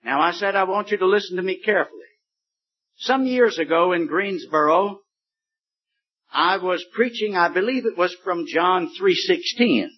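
A man preaching a sermon, slow and deliberate, stretching words for emphasis. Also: high voice. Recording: dull lo-fi recording.

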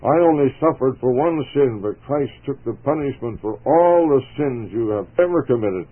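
A slight, selfless young soldier lad, voiced by a man reading the story. He talks gently and earnestly at a mid pitch. The sound is narrow and phone-like, from an old radio broadcast. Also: animated, moderate pace, natural voice. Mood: tender.

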